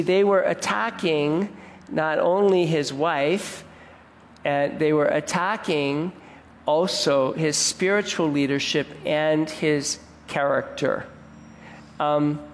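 A male pastor delivers a sermon in an earnest, direct manner and repeats his key phrases for emphasis. His voice sits a little higher than most men's. It rings through a hall with a long reverb.

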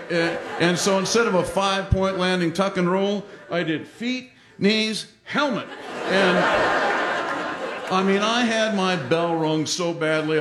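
A man telling a funny personal story on stage, animated and self-mocking, acting out the lines of the people in it. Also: high voice. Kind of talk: live comic storytelling. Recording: roomy hall with audience laughter.

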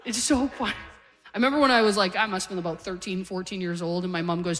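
A woman's voice: mid-range voice, steady tone, fast. Middle-aged woman doing stand-up. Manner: storytelling, acting out family members in quotes. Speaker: stand-up comedian. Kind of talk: stand-up comedy set. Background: audience laughter.

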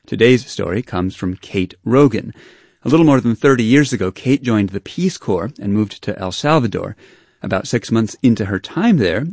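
A man hosting a radio segment, reading a scripted introduction in a measured way. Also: fairly low pitch, gravelly, darkish tone, no room sound, studio quality. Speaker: radio host.

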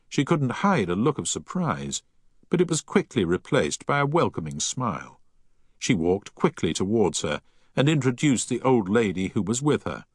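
Male audiobook narrator; lowish, lively inflection, dry studio. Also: husky, no echo. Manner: expressive, measured. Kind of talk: scripted narration.

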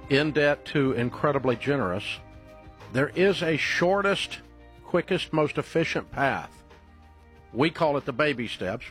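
A man hosting a call-in radio show, pitching emphatically and confidently. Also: slightly rough. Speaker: radio host. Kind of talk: radio talk show and host-read ad.

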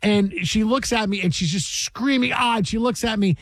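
A man in his forties hosting sports radio, telling stories with lively acted-out quotes. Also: sits high, normal speed, dry recording. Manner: animated storyteller, acts out quotes loudly. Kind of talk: casual sports radio banter.

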